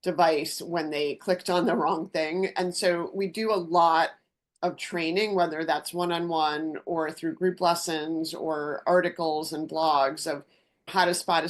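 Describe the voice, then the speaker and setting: A middle-aged woman, a company founder, speaking in a conversational interview and telling animated anecdotes with acted-out dialogue. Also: on the low side.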